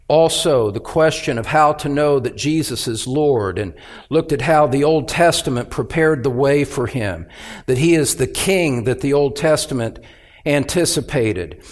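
A man preaching a sermon as pastor, earnest and urgent, pressing each point with emphasis. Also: a little high.

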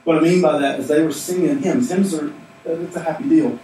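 A man preaches a sermon in a church, driving his points home through repetition. His voice sits at an ordinary pitch. It rings through a very reverberant room and sounds somewhat distant from the mic, with faint ambient noise behind him. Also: brisk, dark tone. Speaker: pastor. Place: church sanctuary. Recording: echoey hall, mic at a distance.

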